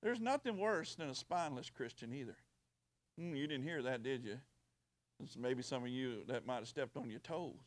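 A middle-aged pastor, preaching a sermon in church and swinging from loud to quiet. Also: male voice, mid-range voice, expressive, moderate pace. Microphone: handheld or stand mic with sound operator.

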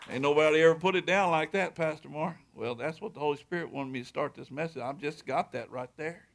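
A man preaching a sermon as pastor, telling a story with loud excited peaks and quiet low stretches. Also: gravelly.

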